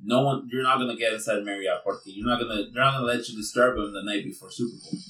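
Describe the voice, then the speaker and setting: A man telling a profane, animated story in casual chat, slipping Spanish words into his English. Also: on the low side, rapid-fire, a little hiss or hum. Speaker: podcast guest telling a story. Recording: echoey room, distant mic.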